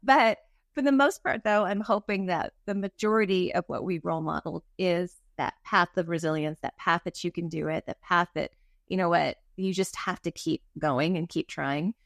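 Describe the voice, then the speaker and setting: A woman's voice: on the low side, normal speed, vocal fry, no room sound. Middle-aged woman telling a story in an interview, acts out what she was thinking, laughs at herself, dry close sound. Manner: lively, acts out her own quoted thoughts, laughs at herself. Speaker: guest author.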